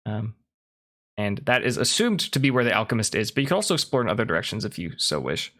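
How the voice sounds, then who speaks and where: A man's voice: on the low side, very animated, fast, a bit bright. A man narrating a tabletop game as game master, loose and casual. He giggles often and fills his scene-setting with ums and likes. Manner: casual, giggly, filler-heavy.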